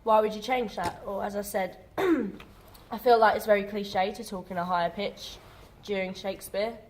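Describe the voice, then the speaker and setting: A woman's voice: mid-range voice, steady tone, moderate pace, darkish tone. A woman drama student talking casually in a group discussion, chatty and full of fillers.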